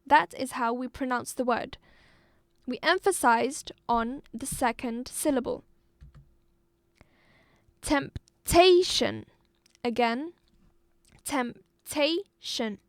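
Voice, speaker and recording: A woman from Algeria teaching an English exam-review lesson, repeating words and spelling them out slowly for her pupils. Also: sits high, no room sound, studio quality.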